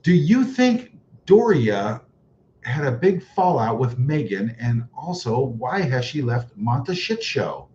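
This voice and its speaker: A man's voice: mid-range voice, sing-song, slow pace, a little mellow. A man hosting a casual livestream, reading viewer comments in a mocking, sarcastic way and chuckling often. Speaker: livestream host reading chat. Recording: dull lo-fi livestream audio with faint noise.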